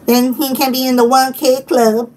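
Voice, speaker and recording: Her voice sits high and mellow, delivered flatly at a normal speed, as she chats casually with live stream viewers. Chatty and giggly, she laughs often and reads the chat aloud. Faint background noise comes through the distant mic.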